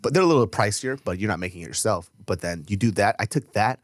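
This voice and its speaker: A man with a low-set voice talks loosely on a podcast, dropping slang and swear words with easy, laid-back timing. The sound is dry and close to the mic, with no room around it. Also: lively intonation, fast, no room sound. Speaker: podcast co-host. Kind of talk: casual chat.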